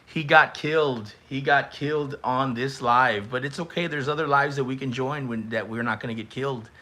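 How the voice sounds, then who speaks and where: A young man hosting a live stream, teasing and reacting in a loose, excitable way. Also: mid-range voice, normal speed. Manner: excitable, teasing, shouts and stretches words at big moments. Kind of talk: casual live-stream commentary.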